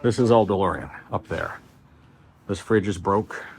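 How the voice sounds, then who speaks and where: Speaking at normal speed in a voice that sits low, a man gives a casual, rambling vlog tour of his big warehouse workshop. Frustration creeps in, and he restarts sentences frequently.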